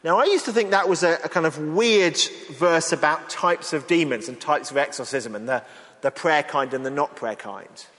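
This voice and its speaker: A man's voice: fairly high pitch, normal speed. Man preaching in an echoing hall. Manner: earnest, expressive, rising to quoted lines. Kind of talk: sermon. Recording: long reverb of a large hall.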